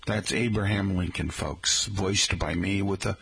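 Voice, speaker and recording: Male radio host, casual and rambling, raspy gravel at the bottom of his voice. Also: low-pitched, unhurried, fairly bright tone. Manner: rambling, folksy, chatty asides to listeners.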